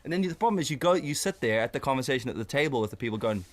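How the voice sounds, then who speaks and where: A man with a medium-pitched, racing voice co-hosts a casual podcast chat. He swears freely and tells stories in an animated way, acting out little scenes with different voices.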